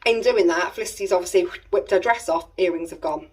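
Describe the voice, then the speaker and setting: A woman's voice: lowish voice, fast talker, a little mellow, breathy edge. A woman in her thirties with an English accent, rambling through a family story in casual chat, with exasperated asides. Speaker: family vlogger. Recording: voice a little distant from the mic.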